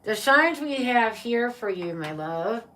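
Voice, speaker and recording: A woman's voice: on the high side, very animated, a little slow, fairly bright tone, distant mic. A woman giving a casual live-streamed tarot reading, chatty and playful, often laughing and calling her viewers "my love" and "baby". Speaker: tarot reader.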